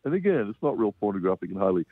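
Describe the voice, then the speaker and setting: An American man talks through a film review in a loose, rambling way, chuckling between his points. His voice sits low and comes over a dry, tinny phone line. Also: big pitch swings, rapid-fire, husky, no room sound. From United States. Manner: rambling, chuckling, many restarts. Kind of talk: casual radio film review.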